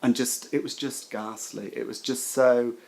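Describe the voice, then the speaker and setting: A middle-aged man, a former nurse, giving personal testimony in an emotional, halting way, often repeating his words. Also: medium pitch, steady tone, creaky, darkish tone, rough recording.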